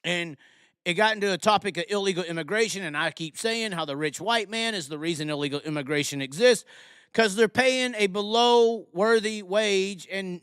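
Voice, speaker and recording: A man's voice: high-pitched, fairly bright tone, clean tone, no echo, studio quality. A man hosting a live motorsports talk stream, ranting in a sarcastic, mocking way to his chat. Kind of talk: live call-in chat show.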